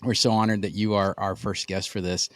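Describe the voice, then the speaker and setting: A man from Texas with a Texan accent, co-hosting a podcast in a relaxed, affirming way. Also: fairly low pitch, brisk, no room sound, clean studio sound. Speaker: podcast co-host. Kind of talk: casual interview chat.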